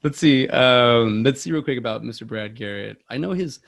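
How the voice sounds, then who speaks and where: A man's voice: medium pitch, moderate pace, vocal fry, fairly bright tone. A man hosting a movie podcast in casual, rambling chat, self-deprecating with many restarts. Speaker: podcast host.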